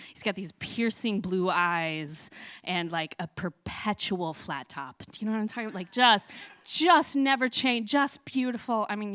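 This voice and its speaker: Woman doing a live story on stage, bright voice, dry close sound, laughs a lot. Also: medium pitch, clean tone, no room sound. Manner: lively, laughing, chatty with many fillers.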